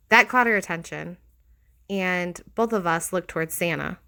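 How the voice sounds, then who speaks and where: A woman giving a steady, expressive scripted reading of a horror story. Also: on the low side, normal speed.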